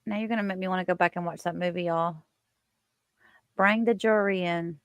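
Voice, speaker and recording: A woman's voice: lowish voice, fairly even intonation, brisk, smooth, no room sound. A woman hosting a casual livestream, chatting with viewers and reading their comments aloud. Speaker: livestream host.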